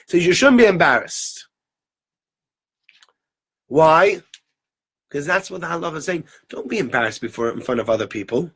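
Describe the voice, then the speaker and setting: Male Torah teacher, chatty, slightly high voice. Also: expressive, normal speed, long pauses, a bit bright, husky. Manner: conversational, frequent tag questions. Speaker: rabbi teacher. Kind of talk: Torah lesson.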